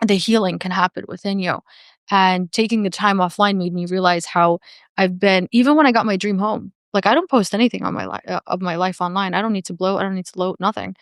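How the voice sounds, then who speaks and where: A woman's voice: mid-range voice, brisk, dry recording. Earnest woman, dry close sound. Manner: earnest and reflective, many "like" fillers. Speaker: podcast guest. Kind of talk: candid podcast conversation.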